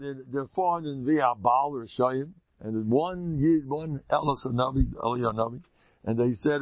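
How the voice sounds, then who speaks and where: Animated man telling humorous religious stories. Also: medium pitch, normal speed. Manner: animated storyteller, quizzes listeners, mixes Hebrew and Yiddish terms. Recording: dry, muffled lo-fi recording.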